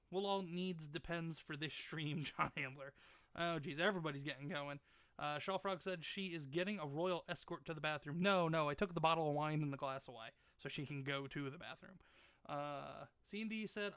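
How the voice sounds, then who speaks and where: A man's voice: fairly high pitch, fairly bright tone, smooth, no echo. A man hosting a live game stream from home, reading chat messages aloud and teasing his wife. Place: home, at the gaming setup. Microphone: desk mic left live.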